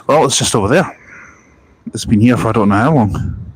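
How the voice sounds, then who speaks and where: A man's voice: mid-range voice, fairly quick, a little hiss or hum, low-quality recording. Chatty Scottish man streaming outdoors. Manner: rambling, chatty, self-deprecating asides. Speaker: live streamer reading viewer chat. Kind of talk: casual live-stream chat. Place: outdoors at a bus park-and-ride, walking. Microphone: small wireless mic on phone stream.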